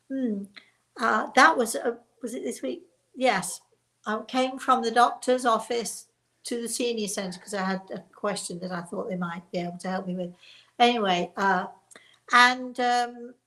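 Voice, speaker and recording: An older woman hosting a live show as a psychic medium, talking in a chatty, encouraging and self-deprecating way with a hoarse voice that is still recovering. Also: medium pitch, fairly bright tone, low-quality recording. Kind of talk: live online call-in talk.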